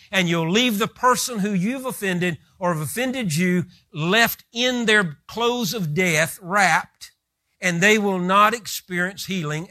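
Guy preaching a sermon, bright ringing voice, dry close sound. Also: high voice, dry recording. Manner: retells scripture with vivid, rising emphasis.

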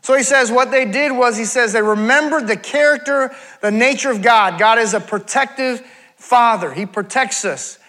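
Male pastor, high bright voice, conversational sermon with casual asides. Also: normal speed. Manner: conversational preaching with asides and self-corrections. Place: church.

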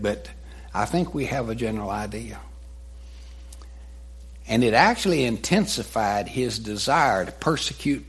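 A man's voice: medium pitch, breathy edge. A male preacher retelling a story in a sermon, dramatic and voicing the quotes himself.

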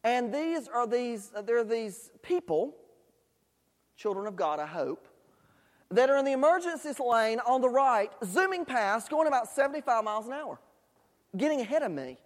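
A man's voice: very high voice, big pitch swings, moderate pace. A man preaching a sermon, telling folksy stories with asides to the congregation. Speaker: pastor. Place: church sanctuary. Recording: long hall reverb in a church.

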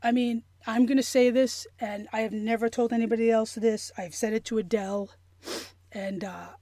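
A woman with a mellow, somewhat high voice tells her story in an interview. She talks earnestly and with feeling, halting, restarting and reaching for words. The sound is dry and close. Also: steady tone, dry recording. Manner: halting, with many restarts and fillers; earnest and emotional. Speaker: interview guest.

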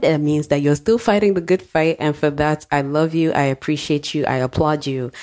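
Low-voiced woman chatting candidly. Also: darkish tone. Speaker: podcast host. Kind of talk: casual personal update.

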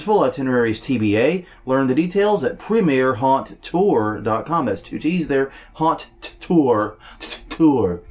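A man co-hosting a podcast, joking and self-deprecating as he reads event listings in casual chat. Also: a little high. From New Orleans. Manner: jokey, self-deprecating, animated. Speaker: podcast co-host.

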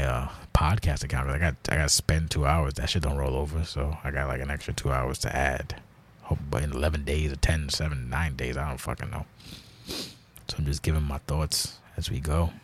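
A man's voice: extremely low pitch, husky. A man hosting a casual solo podcast monologue, rambling and blunt with heavy swearing, grouchy in tone. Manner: self-described grouchy, blunt. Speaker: podcast host.

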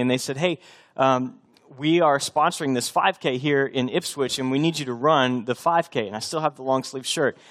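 A man from Texas preaching a sermon in an earnest, conversational way, with restarts and direct challenges to the congregation. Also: mid-range voice. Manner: earnest, conversational preaching with bursts of coach-like shouting. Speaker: pastor.

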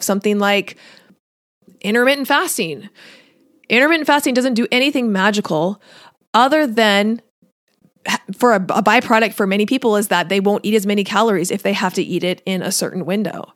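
A woman coaches on diet and nutrition in a casual solo podcast, her mid-range voice a bit bright. She's conversational, laughs lightly as she talks, and often acts out her listeners' thoughts in quotes. The studio sound is clean, with no echo.

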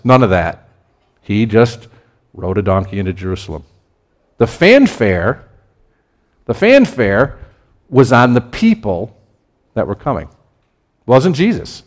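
A man preaching a conversational sermon as pastor, his delivery lively and building to emphatic peaks. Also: mid-range voice.

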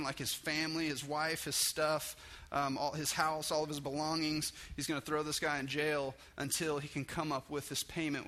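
A man preaching a casual sermon, talking conversationally and acting out the story's dialogue. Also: a little high. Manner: casual and conversational, with many restarts and "like"; acts out dialogue with raised, excited voice. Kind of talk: informal sermon.

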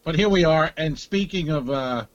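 A man's voice: on the high side, moderate pace, dry recording, lo-fi sound. A man co-hosting a comedy podcast in casual chat, rambling and hesitant, acting out little exchanges. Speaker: podcast co-host.

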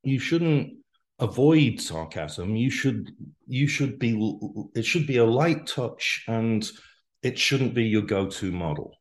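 A man around sixty, a podcast guest giving his opinions in a deliberate, emphatic way. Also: mid-range voice, expressive. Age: 60s. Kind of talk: casual podcast conversation.

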